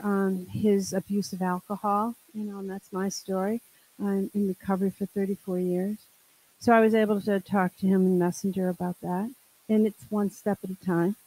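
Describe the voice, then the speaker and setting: An older woman shares her story with a meeting group in a frank, humorous way. She drops exasperated asides into the telling and speaks at an ordinary middle pitch into a handheld microphone. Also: warm tone, poor audio. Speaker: group member sharing.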